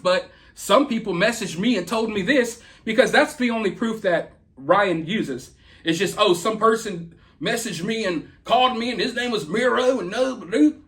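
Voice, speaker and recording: A man's voice: high-pitched, a bit bright. A man with a Southern US accent from the American South, delivering a heated, confrontational commentary rant to viewers. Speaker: YouTube commentator.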